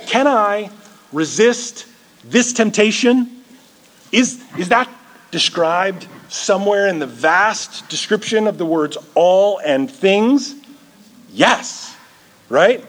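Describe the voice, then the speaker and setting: A man's voice: high-pitched, animated, takes it slowly, fairly bright tone. Earnest male pastor preaching. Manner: earnest, repeats words as he builds. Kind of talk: sermon. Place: church.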